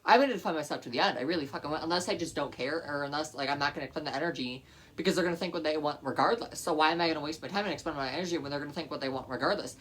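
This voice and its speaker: A man's voice: fairly high pitch, racing, a bit bright. A man vlogger giving blunt, matter-of-fact opinions to camera, with some profanity.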